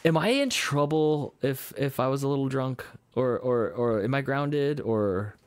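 Joking man with lively pitch. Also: a little slow, smooth, no echo. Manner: joking, teasing, puts on silly voices. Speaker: podcast co-host. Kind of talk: casual banter.

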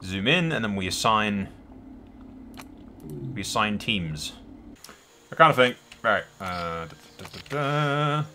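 A man hosts casual let's-play commentary and thinks aloud as he builds, swearing freely along the way. His voice sits fairly low but has a bright, forward edge. A faint hiss sits underneath. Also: expressive, unhurried, long pauses. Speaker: gameplay host.

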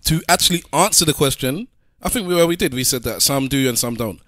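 Guy arguing on a podcast, mid pitch, lots of restarts, dry audio. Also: animated, fast talker, fairly bright tone, dry recording. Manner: argumentative, many restarts. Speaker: podcast co-host. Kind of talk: casual debate chat.

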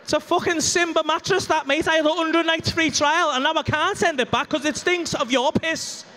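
Stand-up guy, really high voice, crude and animated, acts stuff out with moans and gasps on stage. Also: moderate pace, a little hiss or hum. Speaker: stand-up comedian. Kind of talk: stand-up comedy set. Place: comedy club stage.

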